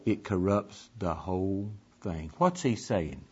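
A man preaching a sermon to a congregation, swinging between forceful emphasis and hushed near-whispers, repeating his phrases. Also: deep voice, animated, takes it slowly, breathy edge, muffled recording. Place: church before a congregation.

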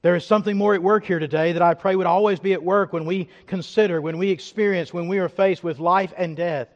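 A man preaching a sermon as pastor, emphatic, swinging from loud declarations to hushed reflection. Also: high voice, steady tone, brisk, long reverb tail, dull audio.

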